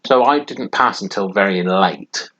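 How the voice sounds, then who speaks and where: A man's voice: sits low, a little slow, fairly bright tone. A man in his fifties, a podcast co-host who teases and jokes while asking questions in casual chat. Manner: teasing, jokey questioner. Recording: dull lo-fi sound, faint noise.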